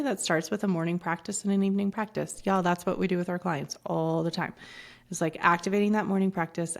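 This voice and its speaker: A woman's voice: lowish voice, creaky. A woman in her forties in casual podcast chat, talking bluntly and swearing freely, with rambling asides. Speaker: podcast guest.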